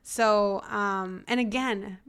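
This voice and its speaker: Smooth-voiced woman telling a story. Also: mid-range voice, slow. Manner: animated, acts out family members' lines. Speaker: podcast host. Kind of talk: casual storytelling monologue.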